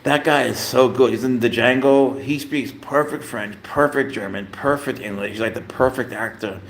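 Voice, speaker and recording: A man's voice: medium pitch, moderate pace, a little hiss or hum. A man hosting a casual livestream from his home, rambling with lots of fillers as he talks to his cat and his viewers. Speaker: livestream host, pet owner. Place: home room.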